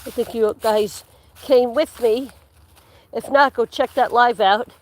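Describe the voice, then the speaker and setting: A woman's voice: a little high, steady tone, slow pace, darkish tone. A woman hosting a livestream, chatting casually and rambling as she walks through the woods. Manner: chatty, rambling, laughs often, drops to a whisper at times. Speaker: livestream host. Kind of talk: casual chat while walking outdoors. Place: walking through woods outdoors.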